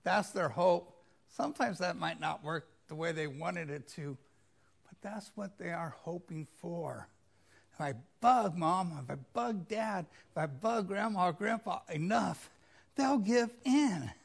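Male pastor, unhurried conversational sermon, raspy fry in a high-set voice. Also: expressive. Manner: conversational retelling of scripture, mimics pleading voices.

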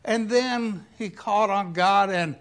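A preacher retelling a Bible story in an animated way, with playful asides, swinging between loud emphasis and quiet reflection. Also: mid-range voice, measured pace.

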